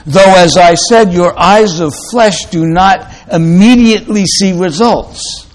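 Slow, deliberate male preacher. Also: high-pitched. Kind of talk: sermon.

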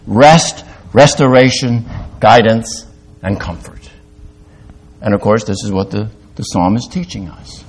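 An older man preaching a sermon as pastor, halting at times, rising to loud emphatic peaks and dropping to quiet, confessional lows.

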